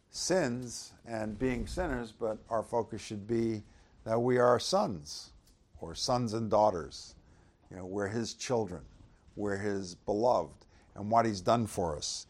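A man preaching a conversational sermon, reading scripture aloud with loud swells and asking the audience rhetorical questions. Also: medium pitch. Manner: loud dramatic swells when reading verses.

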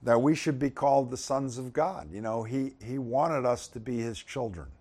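A man's voice: medium pitch, moderate pace, mellow. A man leading a casual Bible teaching, talking conversationally and turning emphatic when he reads the verses aloud.

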